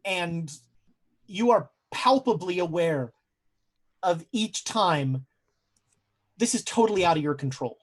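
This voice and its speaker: Running a tabletop horror game, a young man tells of eerie dream scenes, his high voice expressive. He pauses for drama and frequently stumbles into hesitant fillers.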